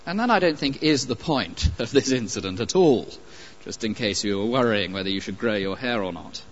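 A man preaching a sermon, emphatic and animated, with pauses and light asides. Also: on the low side. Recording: dull lo-fi recording.

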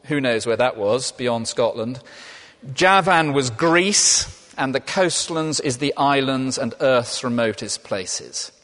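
A man's voice: mid-range voice, lively intonation, slow pace, a bit bright. A man preaching a sermon in a conversational way, asking and answering his own questions. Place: church. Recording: long reverb of a large hall.

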